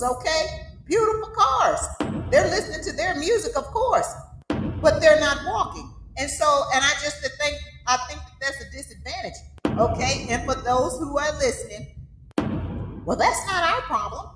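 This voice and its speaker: Fiery Southern woman host, high and echoey. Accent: Southern American. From Southern United States. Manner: fiery, emphatic preaching with frequent "okay?". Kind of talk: casual monologue. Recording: echoey room with audible noise.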